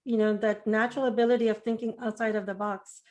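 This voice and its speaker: A woman hosts an interview in a casual, encouraging way, using filler words as she speaks. Her voice sits a little high. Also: flat delivery, fast talker, darkish tone. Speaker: interview host.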